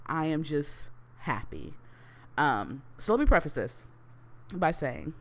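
A woman hosting her own podcast, talking casually and excitedly with many fillers and restarts. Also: deep voice, unhurried. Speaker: podcast host. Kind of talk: casual solo podcast talk.

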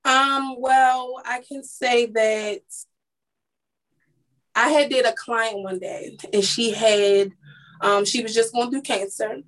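Candid young woman, high voice. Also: steady tone, takes it slowly, fairly bright tone, rough recording. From East Baltimore, Maryland. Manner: candid, rambling, many restarts. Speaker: guest, makeup artist. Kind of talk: casual interview chat.

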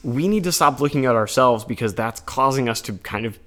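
A man co-hosting a podcast, talking through scripture readings in an earnest, conversational way, with animated retellings. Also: medium pitch, a little fast. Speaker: podcast co-host. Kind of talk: casual chat about scripture readings.

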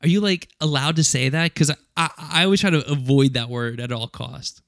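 A man's voice: on the high side, a little fast, creaky, fairly bright tone, no room sound, clean studio sound. A man co-hosting a podcast, rambling and hesitant in casual chat. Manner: rambling, hesitant, lots of restarts and laughs. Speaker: podcast co-host.

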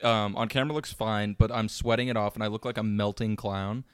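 A young man co-hosts a casual podcast chat, wandering along with lots of filler words and self-mocking jokes. His voice sits on the low side with fairly even intonation and a slightly fast pace, and there's a little hiss or hum in the recording.

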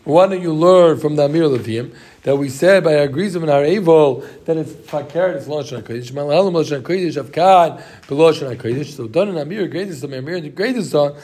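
Man, high voice, casual Talmud class, rambling, repetitive, Hebrew and Yiddish terms. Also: brisk, a little mellow. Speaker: Talmud teacher.

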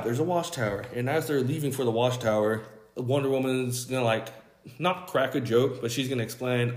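A young man casually pitching a story, rambling and quoting characters in an offhand voice, with casual swearing. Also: fairly quick, reverberant. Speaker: podcast host.

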